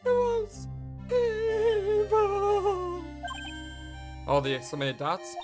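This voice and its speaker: A woman voicing a tearful, frail young woman in a video game, speaking high and quavering over game music. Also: big pitch swings, drawn-out words, full character voice.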